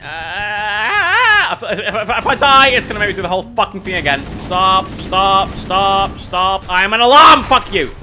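A man streaming a video game, exasperated, swearing and yelling at enemies. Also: sits high, lively intonation, normal speed, few pauses, over music. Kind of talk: gaming commentary.

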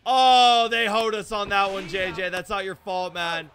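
A young man giving live gameplay commentary, excitable and self-deprecating, breaking into shouts when plays go wrong. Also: high-pitched, a little slow, a little hiss or hum. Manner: self-deprecating, hard on himself. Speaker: gaming YouTuber.

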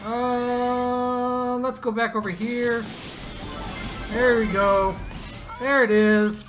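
A man giving casual, excitable commentary on his own mobile game matches, teasing opponents and laughing at big plays. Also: extremely high pitch, very slow, soft background music. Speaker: gaming YouTuber. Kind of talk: gameplay commentary.

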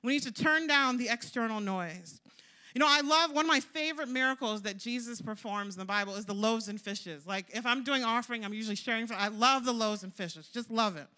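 A young woman delivers a sermon with a high, bright voice. She talks in a loose, conversational way, spinning stories and leaning on "like" and "you know" as she goes. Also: a little fast. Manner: chatty, storytelling, lots of "like" and "you know". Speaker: preacher.

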